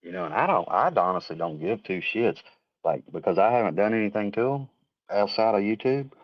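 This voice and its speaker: Male, heated rambling talker who swears freely, low voice, dry lo-fi audio. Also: animated, fairly quick, dry recording. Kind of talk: casual chat.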